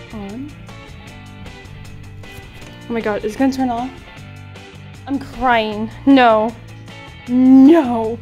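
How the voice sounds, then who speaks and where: A woman vlogging in casual chat from a hotel room, excitable and gushing, repeating her exclamations. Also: sits high. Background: background music.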